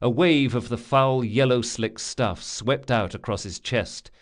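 A man reading a fantasy audiobook in steady, measured scripted narration. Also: mid-range voice.

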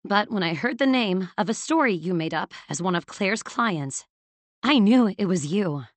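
A woman narrator voicing a hurt young woman with a quiet, controlled, icy delivery in an audiobook. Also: mid-range voice, expressive, moderate pace, dry recording, close to an everyday voice. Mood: hurt, resolved. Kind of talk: audiobook character voice.

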